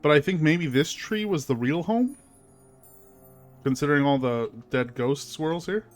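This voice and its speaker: A man's voice: fairly high pitch, lively intonation, moderate pace, soft background music. A man streaming a video game, chatting casually with fillers and reading the game's text aloud. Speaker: gaming streamer. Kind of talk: casual let's-play commentary.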